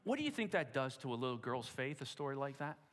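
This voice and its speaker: A man preaching, telling a story dramatically with repeated words and hushed asides. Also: mid-range voice, big pitch swings, fast. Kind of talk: sermon storytelling. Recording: long hall reverb.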